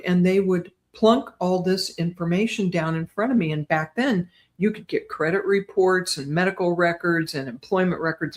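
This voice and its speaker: Chatty older woman telling stories. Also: fairly low pitch. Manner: chatty, animated, tags lines with "right?". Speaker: guest psychic medium. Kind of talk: casual storytelling interview.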